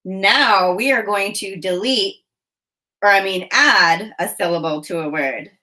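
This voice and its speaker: A woman teacher leading a children's phonics lesson, giving slow, deliberate prompts and then praising the answers. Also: mid-range voice, sharp tone. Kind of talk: phonemic awareness lesson for children.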